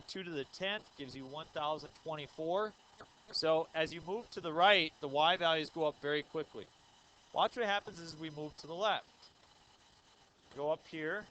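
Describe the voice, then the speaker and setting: Bright-voiced man teaching algebra. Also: a little high, a little hiss or hum, poor audio. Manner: explains step by step, asks the class questions; says 'uh' and 'um' often. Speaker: math teacher. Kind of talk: recorded math lecture.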